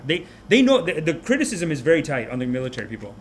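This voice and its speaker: A man hosting a podcast, delivering a comic rant of a movie review in an animated, mocking way. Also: a little high, slight background noise. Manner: animated, mocking, puts on quick character voices. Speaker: podcast host.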